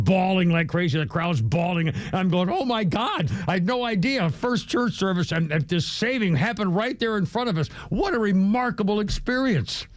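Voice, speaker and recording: A man's voice: a little high, dry recording. A man from New England hosting a radio talk show, rambling casually with lots of fillers.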